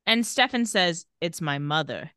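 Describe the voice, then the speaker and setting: On a podcast, a co-host recaps a TV episode casually, retelling scenes and reading the characters' lines with light sarcasm. Her fairly low voice is animated, a little slow, and sharp in tone, captured in clean studio sound with no echo.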